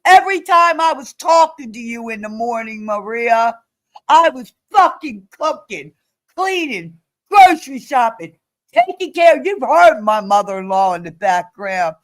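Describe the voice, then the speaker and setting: A woman's voice: on the high side, big pitch swings, a little slow. A woman live-streaming in a heated, profane rant, upset and pleading with someone in her chat, sniffly from crying. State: sniffly, blowing nose.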